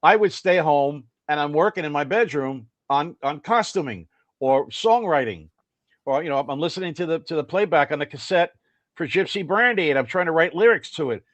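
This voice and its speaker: Older guy rambling through old stories, kinda high voice, dry close sound. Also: moderate pace, dry recording. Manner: rambling, animated storyteller. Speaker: guest musician. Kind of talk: casual anecdotal interview.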